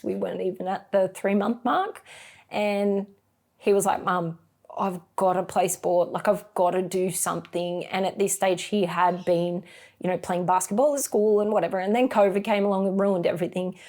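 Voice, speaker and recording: A woman's voice: medium pitch, steady tone, moderate pace, darkish tone. A middle-aged woman with an Australian accent, a mother expressively recounting memories in an interview.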